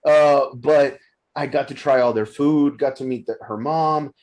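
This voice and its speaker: A man in his thirties of Mexican-American background, telling stories in a casual podcast chat, animated and stumbling over his words. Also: medium pitch, a little slow. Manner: animated storyteller, frequent restarts and stumbles.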